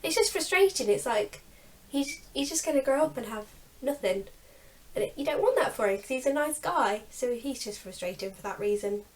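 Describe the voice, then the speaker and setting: A woman's voice: high voice, lively intonation, moderate pace. A young woman co-hosting a book channel, chatting casually and laughing often as she vents. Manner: chatty, laughs often, exasperated about characters. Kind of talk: casual chat.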